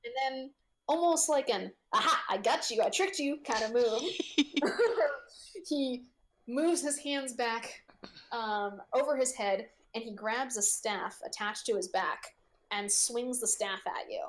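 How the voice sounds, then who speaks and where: A woman narrating as game master of a tabletop game. She talks haltingly, with many fillers and frequent laughs. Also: fairly high pitch, a little hiss or hum.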